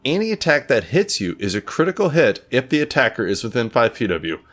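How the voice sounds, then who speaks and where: A man runs a tabletop game as game master, his pitch rising and falling a lot. He is playful and swears when rolls go badly. Faint music plays behind him. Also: very animated, fast, a bit bright.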